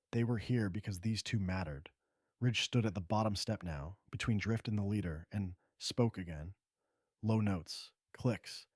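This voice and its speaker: Man, low voice, dry close sound, calm measured story narration. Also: no room sound. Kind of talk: scripted first-person story narration.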